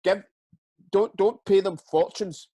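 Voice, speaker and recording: A man's voice: sits high, slow pace, warm tone, dry recording. A Scottish man, a retired footballer, tells stories in a casual interview. He swears freely and often stumbles and repeats words. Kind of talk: casual storytelling chat.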